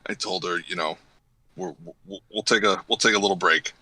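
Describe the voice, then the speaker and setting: A man's voice: steady tone, a little fast, pushed and bright, dry recording. A man co-hosting a podcast who is jokey in casual chat and acts out the things people say in the stories he tells. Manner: jokey, acts out quotes with big pitch swings. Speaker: podcast co-host.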